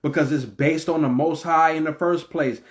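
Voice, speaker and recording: Impassioned preachy man, fairly high voice. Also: steady tone, moderate pace. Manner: preachy, repetitive, stammers "or, or". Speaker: religious commentator. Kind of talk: impassioned monologue.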